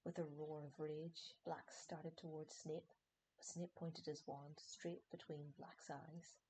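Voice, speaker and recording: A woman narrating a fantasy novel audiobook in steady, measured storytelling. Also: low voice, a little hiss or hum, low-quality recording.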